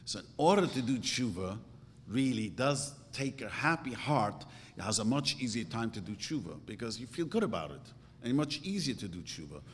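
A man's voice: mid-range voice, sing-song, normal speed, in a large hall, a little hiss or hum. A man giving an informal religious talk as a rabbi, earnest and emphatic, telling stories with sudden rising bursts.

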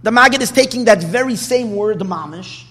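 Animated man teaching in a reverberant hall. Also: high-pitched, normal speed. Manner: animated, questioning, restarts often. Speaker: rabbi teaching Torah. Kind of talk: Torah class lecture.

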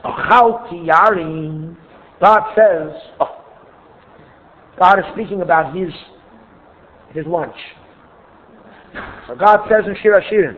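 A man teaching a Torah class in an earnest, expressive way, often repeating words as he restarts. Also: sits high, unhurried, pauses often. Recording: tinny phone-like recording.

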